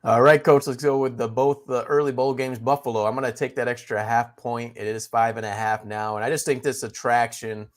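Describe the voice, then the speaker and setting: A man giving sports betting picks, steady and analytical, running through lines and stats. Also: medium pitch, fairly quick, few pauses. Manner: steady, analytical, rattles off numbers.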